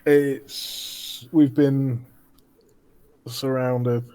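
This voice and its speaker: A man playing a tabletop game, relaxed and jokey. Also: medium pitch, drawn-out words. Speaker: player.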